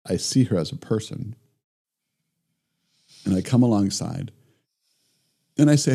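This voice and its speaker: A middle-aged man, a guest in a remote interview, telling stories in a lively conversational way and acting out both sides of his conversations. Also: on the low side, unhurried, creaky, breathy edge. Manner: animated storyteller who acts out both sides of conversations. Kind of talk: reflective conversational storytelling.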